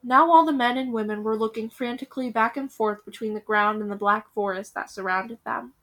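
Woman reading a book out loud, slow tense build-up, bright kinda high voice. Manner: dramatic, suspenseful pacing. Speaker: storyteller.

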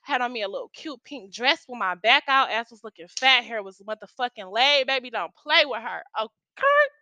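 Bright, foul-mouthed young woman telling a story. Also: on the high side, a little fast, no room sound. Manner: profane, slangy, animated storytelling. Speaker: storytime vlogger. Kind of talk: casual storytime chat.

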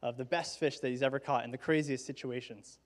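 A middle-aged man preaching a sermon in a conversational way, with dramatic pauses, who acts out the quoted dialogue. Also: mid-range voice, fairly even intonation. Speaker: pastor.

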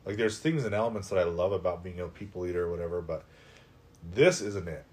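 A middle-aged man with a somewhat low voice tells his own story as a podcast guest. He talks in a casual, animated way, with frequent "like"s, and his voice rises when he acts out his own doubts. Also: quick pace. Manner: animated, conversational, heavy use of "like". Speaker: podcast guest, life coach. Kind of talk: personal storytelling in a podcast interview.

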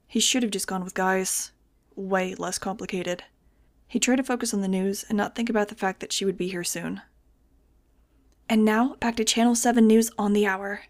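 Woman narrator for a fan audiobook, mid pitch, even storytelling read. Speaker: audiobook reader.

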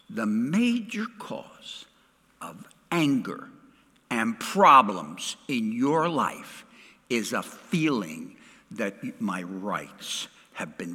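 A middle-aged male pastor preaching a sermon, swinging dramatically from loud to hushed. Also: mid-range voice, husky, long reverb tail.

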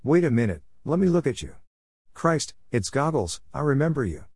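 A man's voice: mid-range voice, very animated, moderate pace, a little mellow, slightly rough, no room sound, pitched above the performer's own voice. A man voicing a brash, mocking middle-aged former school bully, in a close, dry recording. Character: cocky rough middle-aged male ex-bully.

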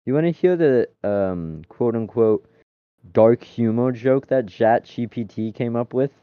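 A man co-hosting a casual podcast, reading silly AI-written text aloud in a deadpan way and cracking up. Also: medium pitch, measured pace, clear, resonant tone, dry recording. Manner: reads deadpan, breaks into laughter. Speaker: podcast co-host. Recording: dry, dull lo-fi mic.

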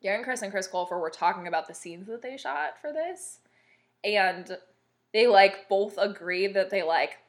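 A woman's voice: medium pitch, normal speed. A young woman co-hosting a podcast in casual chat, chatty with lots of fillers and frequent laughs. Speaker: podcast co-host.

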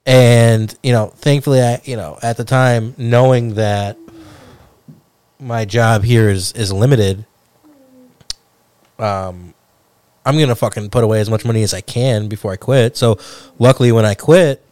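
A man's voice: mid-range voice, fairly even intonation, a little slow, pauses often, a little mellow, clear, resonant tone, no room sound. A man co-hosting a casual podcast chat, rambling with lots of fillers and slang. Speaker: podcast co-host. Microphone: headphones.

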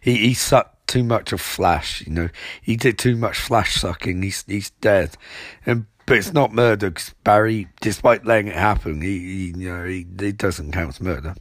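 Young guy snarking through a tv episode recap, lowish voice, dead dry close mic. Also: no room sound. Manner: mocking, rambling, quick quoted impressions. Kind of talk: sarcastic comedic episode recap.

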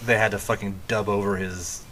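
A man's voice: fairly low pitch, little pitch movement, fairly quick, a loud crowd. A man co-hosting a podcast in casual chat, blunt and joking, swearing now and then. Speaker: podcast co-host.

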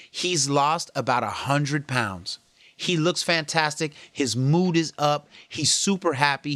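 A man with a slightly raised speaking pitch gives an earnest, slangy pep talk about getting healthy. He coaches directly and keeps it casual. The sound is dry and close, with no room echo. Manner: earnest, coaching, slangy, animated when quoting others. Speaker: fitness and health vlogger. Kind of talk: casual motivational talk to camera.

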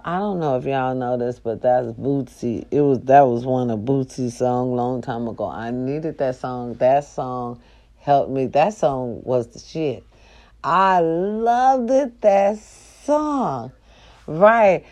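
A middle-aged woman hosts, telling a family story in loose, animated bursts. She swears freely and keeps calling out to her listeners. Her voice sits a little low for a woman. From American South. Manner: animated, profane, talks to listeners as y'all. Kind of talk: casual storytelling.

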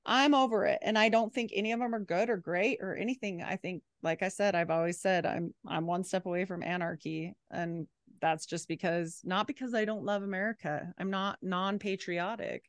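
A woman talks bluntly and chattily in a casual podcast conversation. Her pitch sits mid-range, and she leans on "like" all the time. The recording is dry and close. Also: moderate pace, hardly any pauses, no echo. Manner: blunt, chatty, heavy use of "like". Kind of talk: casual political chat.

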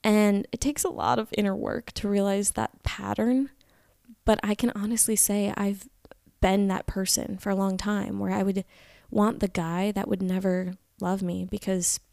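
A woman's voice: mid-range voice, level tone, moderate pace, vocal fry, no room sound, clean studio sound. A young woman vlogging candidly to camera, earnest and reflective, sometimes dropping to a whisper. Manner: earnest, reflective, confessional, drifting into soft whispers. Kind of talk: candid personal talk to camera.

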